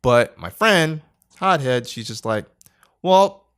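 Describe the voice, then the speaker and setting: Young guy cohost telling a story, voice jumps all over when he does quotes, laughs a lot. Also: moderate pace. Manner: animated, acts out quotes with big pitch jumps, laughs often. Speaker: podcast co-host. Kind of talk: casual storytelling chat.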